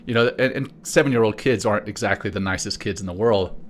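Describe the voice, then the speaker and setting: Deep-voiced man telling a story. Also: quick pace, slight background noise. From South Africa. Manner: storytelling, conversational with restarts. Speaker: podcast co-host. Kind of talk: casual podcast chat.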